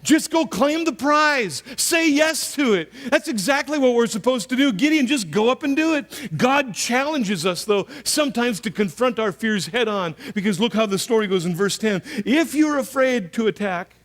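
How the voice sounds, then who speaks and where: A man, preaching a sermon as pastor, telling stories and acting out voices with big swings in pitch and loudness. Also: normal speed, hardly any pauses. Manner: storytelling, acts out voices of soldiers and God, animated swings in pitch and loudness.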